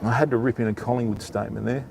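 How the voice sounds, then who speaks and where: A man's voice: medium pitch, fairly even intonation, racing, creaky, background noise. A man with an Australian accent hosting a live beach-fishing stream outdoors, chatting to viewers and explaining his rigs. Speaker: fishing livestream host. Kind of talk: casual live-stream commentary.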